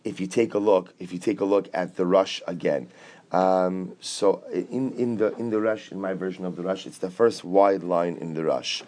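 A man's voice: deep voice, normal speed, darkish tone. A man teaching a Talmud class, explaining step by step with rhetorical questions and mixing English with Aramaic and Hebrew quotes.

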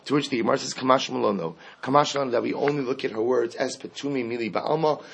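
A man teaching a Talmud class, animated, acting out the quoted speakers as he explains each case. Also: mid-range voice, fast talker, vocal fry, slight background noise. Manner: animated, acts out quoted speakers, mixes Aramaic terms into English.

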